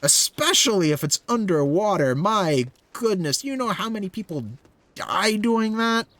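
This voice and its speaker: A man's voice: high voice, animated, a little slow, fairly bright tone, no echo. A young man streaming a game, chatting casually in rambling, filler-heavy asides. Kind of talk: casual let's-play commentary.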